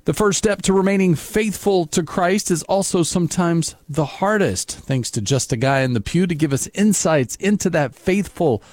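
A man's voice: high voice, normal speed, hardly any pauses, a little mellow, dry recording. A male radio host reading a show promo in an upbeat way. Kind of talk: scripted show announcement. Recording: faint music underneath.

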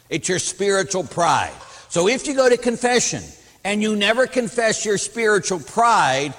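A man, a Catholic priest, preaching a teaching talk and telling stories with lively acted-out quotes. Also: a little high, long reverb tail. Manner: animated storytelling, acts out quoted voices.

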